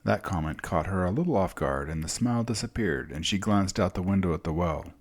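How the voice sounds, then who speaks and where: A man reading fantasy narration in a slow, calm, descriptive way. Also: low voice. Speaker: storyteller.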